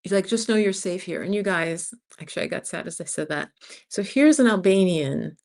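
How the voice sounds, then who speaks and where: A woman chats loosely on her own livestream and keeps wandering off track as she tells a story. Her voice sits a touch low, and she sounds tired after a sleepless night. She laughs easily and slips into the voices of the people she quotes. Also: animated, brisk, gravelly, a little mellow. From United States. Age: 50s. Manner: rambling storyteller, chatty, laughs often, acts out quotes. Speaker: channel host. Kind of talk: casual livestream chat.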